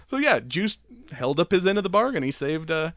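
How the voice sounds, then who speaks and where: A man's voice: on the high side, very animated, fairly quick, fairly bright tone, dry recording. A man hosting a casual podcast chat, rambling through a plot recap with frequent laughter and swearing. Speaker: podcast host.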